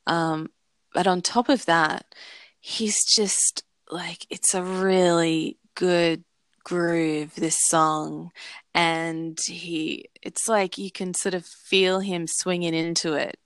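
Woman co-host, low-ish voice, unhurried, rambling casual chat. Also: fairly even intonation, a bit bright, smooth, no room sound. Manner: rambling, searching for words. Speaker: podcast co-host.

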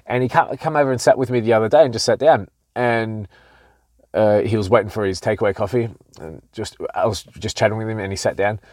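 A man's voice: on the low side, fairly even intonation, brisk, darkish tone, dry recording, clean studio sound. A man hosting a casual solo podcast. He speaks candidly, swears freely and often restarts his sentences. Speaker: podcast host.

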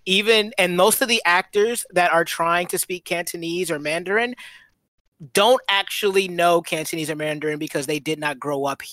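A podcast co-host in a casual movie chat, talking in an animated way with frequent laughs and quick asides. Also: mid-range voice, dry recording.

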